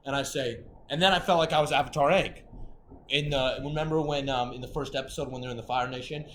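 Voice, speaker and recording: A man's voice: mid-range voice, steady tone, fast, fairly bright tone, slight background noise. A man telling a rambling, profane story as a guest in a casual chat.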